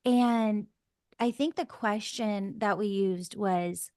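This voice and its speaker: A woman's voice: mid-range voice, takes it slowly, mellow, no echo, clean studio sound. A woman hosting a podcast and telling a story in a casual, gushing way, full of fillers like "like" and "oh my God.". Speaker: podcast host.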